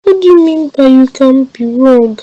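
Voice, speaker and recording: A woman's voice: high voice, moderate pace, warm tone, highs cut off, natural voice. A woman as an anxious young Nigerian woman. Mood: worried. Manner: earnest and anxious. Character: young woman caring for her sick grandma.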